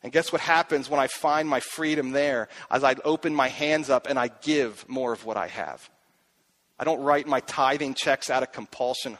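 A man's voice: fairly high pitch, moderate pace, a bit bright. Earnest middle-aged male pastor preaching. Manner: earnest, asks himself questions aloud, repeats phrases. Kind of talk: sermon.

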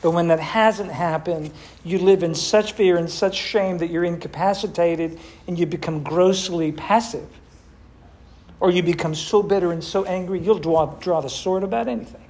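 Pastor leading a group sermon; emphatic, mid-pitched, addresses members directly. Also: moderate pace. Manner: warm, emphatic preaching with rhetorical questions. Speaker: pastor leading a church discussion.

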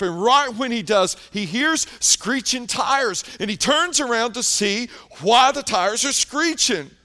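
A man preaching a sermon, telling stories and often dropping to a hushed tone for emphasis. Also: sits high. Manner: storytelling preacher, dramatic pauses, drops to hushed tones. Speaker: pastor.

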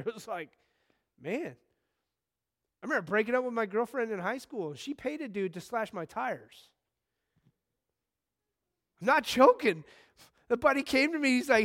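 A man in his thirties delivers a sermon in a high, light voice. He talks to the congregation like a friend, telling stories and breaking into sudden excited bursts. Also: normal speed, long pauses. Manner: conversational, animated storytelling with sudden bursts of excitement. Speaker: pastor.

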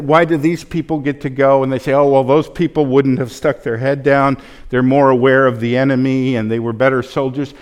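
A man preaching a sermon as a pastor, conversational with joking asides. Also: mid-range voice. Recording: long hall reverb.

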